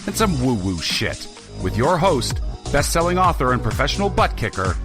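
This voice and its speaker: A man's voice: medium pitch, very animated, normal speed. A man reading a brash, punchy scripted intro for a podcast show. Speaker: show announcer. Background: music.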